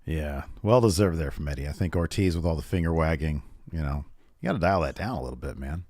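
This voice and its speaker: A man co-hosting a casual wrestling podcast, talking excitedly with many fillers and restarts. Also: very deep voice, fast, no room sound, clean studio sound. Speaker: podcast co-host. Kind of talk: casual wrestling recap chat.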